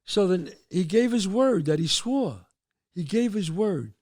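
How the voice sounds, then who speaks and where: A man in his sixties with a New York accent tells a story from his past. His pitch is fairly high for a man and swings up and down as he acts out the people in it, shouting their lines. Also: a little slow. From the Bronx, New York. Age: 60s. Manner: animated storyteller, shouts out quoted voices. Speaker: show host. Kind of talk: storytelling monologue.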